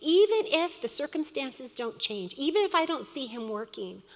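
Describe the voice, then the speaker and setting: A middle-aged woman teaches a women's Bible study in a sermon style, earnest and personal, with quick asides. Her voice sits fairly high. It rings out with the long reverb of a big hall. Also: big pitch swings.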